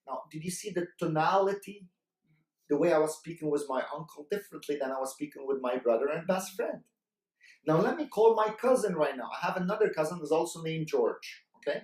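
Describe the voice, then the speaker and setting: A man's voice: a little high, animated, fairly quick, a little mellow. A man giving a sales training talk, coaching the listeners and repeating his key points while often checking in with "right?". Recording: roomy echo, mic far off.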